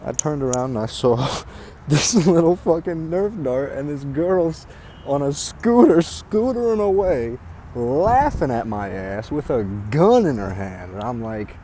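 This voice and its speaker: A man's voice: fairly high pitch, big pitch swings, a little slow, warm tone, a little hiss or hum. A man vlogging outdoors near water, ranting casually, crude and mocking, swearing constantly. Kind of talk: casual profane rant to camera.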